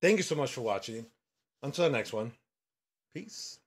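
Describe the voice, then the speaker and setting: A man giving horror game commentary as a channel host, excitable and quick to yell when startled. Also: mid-range voice, slight background noise.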